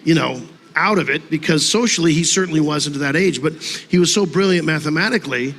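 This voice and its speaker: A man's voice: a little high, fairly quick, fairly bright tone, a little hiss or hum. A man in an interview, reminiscing about a colleague in an earnest, easygoing, conversational way. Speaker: interview guest. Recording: long hall reverb.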